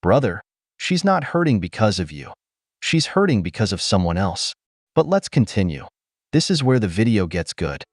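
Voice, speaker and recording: Preachy low male narrator, animated. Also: normal speed, no echo, studio quality. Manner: preachy, addresses listeners as brothers. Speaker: commentary narrator. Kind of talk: scripted commentary narration.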